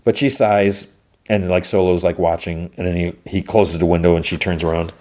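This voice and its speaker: A man's voice: low voice, steady tone, normal speed, a little mellow. A man hosting a podcast, casually recapping a TV episode in a rambling way with lots of filler words. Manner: rambling, many filler words, acts out dialogue. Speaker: podcast host.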